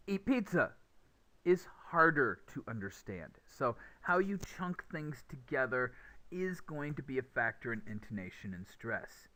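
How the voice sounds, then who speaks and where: A man teaching English pronunciation in a lecture, speaking deliberately and acting out stressed and unstressed words as examples. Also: a little high, sharp tone. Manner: slow, deliberate, demonstrative stress and pauses. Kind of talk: classroom lecture.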